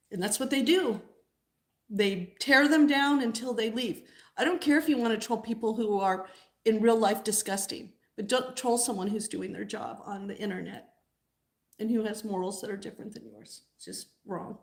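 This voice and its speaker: A woman's voice: fairly high pitch, normal speed. A woman hosting a casual live stream, chatting and answering viewer comments as she goes.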